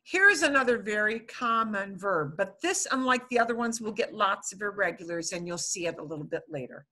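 Female language teacher, bright higher voice, slow and animated, patient explainer. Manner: patient, explains slowly, repeats words. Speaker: Spanish teacher. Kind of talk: online language class.

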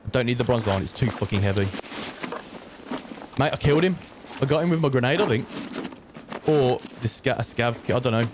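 A man streaming a shooter game, muttering to himself and swearing, with sudden high excited yelps. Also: fairly quick, long pauses, noisy background. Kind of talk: casual gameplay commentary.

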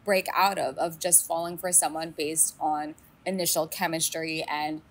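A woman co-hosting a casual recap podcast, talking in an animated way with many fillers and acting out quotes. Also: deep voice, moderate pace. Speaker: podcast co-host.

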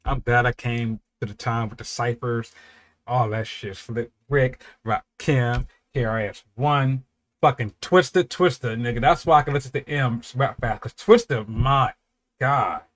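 A man hosting a music reaction, talking casually and excitably, swearing often and swinging from low muttering to loud outbursts. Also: measured pace.

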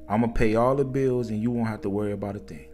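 A man voicing a big, confident, well-off man who talks in a calm, smooth, reassuring way. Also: fairly low pitch, quick pace, faint music behind, natural voice.

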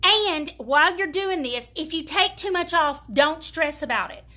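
Sitting high and sounding expressive, her voice is a little slow, pushed, and bright. A woman from the American South with a Southern accent, she demonstrates furniture painting live in a folksy, chatty manner, speaking right to viewers.

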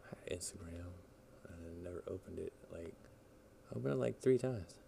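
While streaming a game, a man chats casually in a low-pitched, slightly fast voice that's creaky and mellow, with slight background noise. He rambles, swears, and talks to himself as he plays.

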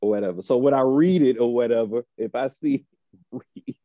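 A man co-hosting a casual podcast, rambling loudly and joking with profanity. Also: medium pitch, normal speed, no echo, lo-fi sound. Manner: loud, rambling and joking, with frequent laughter. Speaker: podcast co-host.

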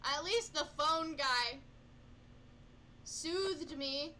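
A woman's voice: sits high, drawn-out words, sharp tone, a little hiss or hum. A woman gamer reacting live to a horror game, panicky and self-mocking, yelping and repeating no over and over and talking to the game's characters.

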